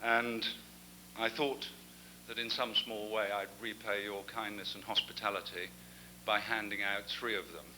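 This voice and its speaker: A man's voice: lowish voice, steady tone, measured pace, noisy background. An older man with an English accent giving a genial, anecdotal after-dinner speech as the guest speaker.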